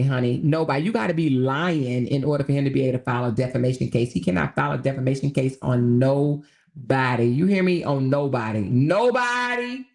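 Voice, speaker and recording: A woman's voice: rumbling low, creaky, a little mellow. A woman hosting a casual livestream, laughing often and mocking as she talks straight to her viewers. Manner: does sums and reads aloud while talking. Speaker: livestream host.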